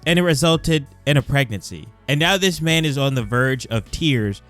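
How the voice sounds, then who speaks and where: A young man hosting a reaction commentary, sarcastic and mocking, laughing often and swinging between loud outbursts and muttered asides. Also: medium pitch, expressive, normal speed, hardly any pauses, soft background music. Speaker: commentary video host.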